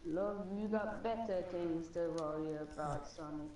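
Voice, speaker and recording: A man voicing a frail, gentle elderly mother who speaks softly with a slight quaver. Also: a little high, measured pace, slight background noise, voice pushed up, lightly acted. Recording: echoey room, distant mic.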